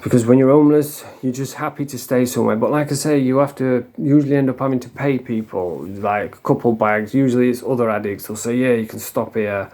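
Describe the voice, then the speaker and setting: A middle-aged man talks casually to camera at an ordinary, middle pitch. His speech is blunt and rambling, full of swearing and sentences he restarts. It sounds like unscripted storytelling. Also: a little fast, hardly any pauses, warm tone. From England. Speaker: recovering addict sharing stories.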